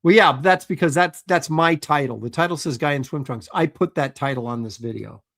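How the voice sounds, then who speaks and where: A man with a slightly high-pitched voice hosts a loose, chatty livestream. He talks in an offhand, sarcastic way, poking holes in whatever he is shown and reading viewer comments out loud. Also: brisk, gravelly. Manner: sarcastic, skeptical, reads viewer comments aloud. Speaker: livestream host.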